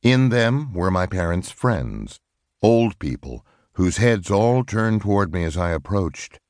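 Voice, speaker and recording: Man, very deep voice, expressive pitch, solemn measured audiobook narration. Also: no echo, studio quality. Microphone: close studio microphone.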